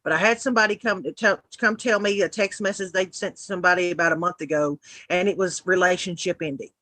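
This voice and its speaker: A woman's voice: lowish voice, fairly even intonation, quick pace, pushed and bright, no room sound. Blunt, profane woman ranting. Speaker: livestream co-host. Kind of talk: casual roundtable chat.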